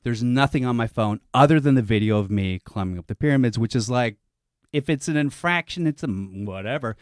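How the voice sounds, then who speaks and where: A man's voice: mid-range voice, animated, brisk, clear, resonant tone, no room sound. A man in a dry close-mic studio, telling a comic story on a podcast in a rambling, self-interrupting way with frequent restarts.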